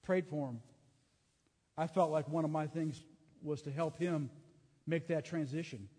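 A man's voice: on the high side, a little slow, mellow, slightly rough, long reverb tail. A middle-aged man preaching, telling a personal story in an earnest way with frequent restarts and fillers. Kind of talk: sermon testimony.

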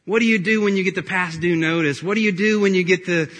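A man's voice: high voice, fast, a bit bright. A man in his thirties preaching a sermon in a casual, joking storytelling way, recorded in a reverberant church hall. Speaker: pastor.

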